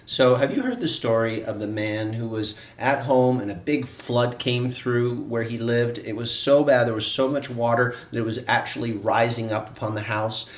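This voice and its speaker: A man co-hosting an online wellness class, telling a story in an earnest, animated way. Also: medium pitch, moderate pace, few pauses, roomy sound, far from the mic. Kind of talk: live-stream storytelling.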